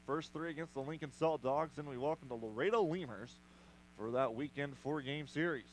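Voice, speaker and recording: A man doing play-by-play commentary for a baseball radio broadcast, brisk with playful asides. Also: a little high, slight background noise, rough recording. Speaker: play-by-play announcer.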